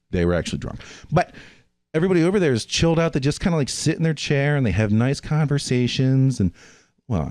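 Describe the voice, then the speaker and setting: Animated, profane podcast host. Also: male voice, medium pitch, no room sound. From United States. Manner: profane, rambling storyteller. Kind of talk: casual chat.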